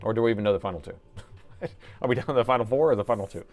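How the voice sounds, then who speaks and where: A middle-aged man live-streams a laptop repair, chatting loosely and joking with viewers as he works, reading the chat aloud and tossing in chatty asides. His voice is low with a darkish tone, he talks very fast, and faint music plays behind him.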